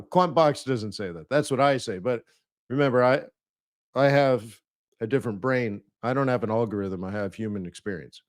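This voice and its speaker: Male webinar host, mid-pitched, chatty and playful, mimics people for laughs. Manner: chatty, laughs at his own jokes. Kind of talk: live webinar presentation.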